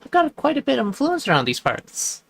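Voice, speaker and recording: Man doing a yappy, excited little dog. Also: fairly quick, creaky, heavily acted. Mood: eager. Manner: high, excited and bouncy. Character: eager little male Pomeranian dog, proud of barking.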